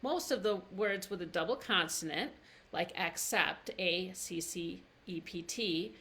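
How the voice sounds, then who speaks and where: A woman teaching pronunciation live, with a slightly low voice. She stretches words out syllable by syllable and then says them again at normal speed. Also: fairly bright tone. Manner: slow, drawn-out demonstrations of words, syllable by syllable. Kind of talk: live-streamed pronunciation lesson. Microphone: livestream camera mic.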